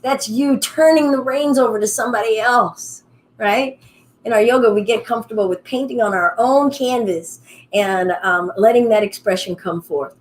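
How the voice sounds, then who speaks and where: A woman leading a live online yoga class, with a calm, soothing way of guiding that turns upbeat and playful. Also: a little high, normal speed, low-quality recording. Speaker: yoga instructor.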